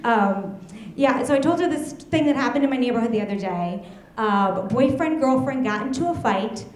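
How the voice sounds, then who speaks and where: A young woman performing stand-up on a club stage, her fairly high voice carrying into a roomy, echoing space. She tells her stories deadpan and breaks into laughter at her own punchlines. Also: normal speed, a little hiss or hum. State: heavily pregnant. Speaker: stand-up comedian. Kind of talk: stand-up comedy set.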